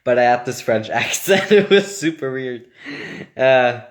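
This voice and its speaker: A man's voice: medium pitch, lively intonation, measured pace. A young man chatting casually on a livestream, reading fan comments aloud and laughing often. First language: German. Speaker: actor answering fan questions.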